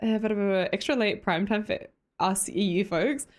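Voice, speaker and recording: A woman's voice: medium pitch, normal speed. A young woman with an Australian accent chatting casually with her live-stream viewers, laughing often and greeting them by name.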